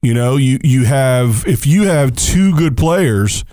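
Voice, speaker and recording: A man co-hosting a casual tennis talk show, who is also a coach, animated and jokey, firing off emphatic rhetorical questions. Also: mid-range voice, slow, no echo, clean studio sound. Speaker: tennis podcast co-host. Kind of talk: casual sports chat.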